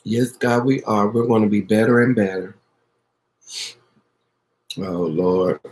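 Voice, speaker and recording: A woman hosting a casual live video, warmly greeting viewers by name and praying aloud for them. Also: very deep voice, fairly even intonation, fairly quick, echoey room, poor audio. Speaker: orchid pot seller hosting a live video. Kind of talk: casual live-stream chat.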